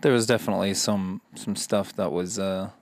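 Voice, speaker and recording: A man telling a story in a casual, profane, animated way, acting out quotes as he goes. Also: low-pitched, normal speed, no room sound.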